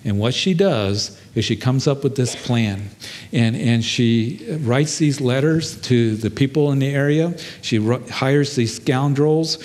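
Brief: male pastor, earnest sermon storytelling, mid-pitched voice, long hall reverb. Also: measured pace, a little mellow. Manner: earnest storytelling, shifting pace, frequent fillers.

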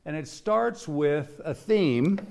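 A man's voice: fairly high pitch, expressive, slow, gravelly, darkish tone. Chatty man lecturing in a classroom. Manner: chatty, explanatory, walks listeners through examples. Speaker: music lecturer. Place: classroom with a live audience.

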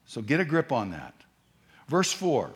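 A man's voice: mid-range voice, huge pitch swings, a little slow, slightly rough. A man preaching a sermon, talking in a conversational way with asides and restarts. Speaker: pastor.

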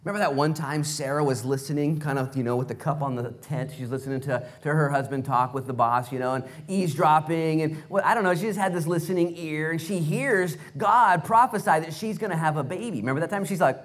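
A man preaching a sermon, animated and playful, telling stories in acted voices and asking the congregation direct questions. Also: fairly high pitch, fairly quick, hardly any pauses. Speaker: pastor.

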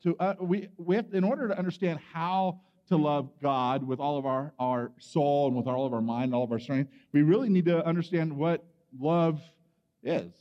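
A man preaching at a youth camp, telling a personal story with big acted-out moments and shouts. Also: a little high, normal speed, big-room sound, lo-fi sound. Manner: animated storytelling, acting out his younger self with shouts. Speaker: camp speaker.

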